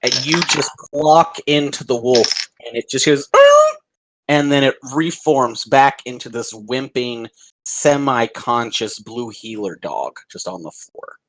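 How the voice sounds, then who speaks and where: A man narrating and running a tabletop game as game master, in a calm, deliberate way. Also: medium pitch, rough recording.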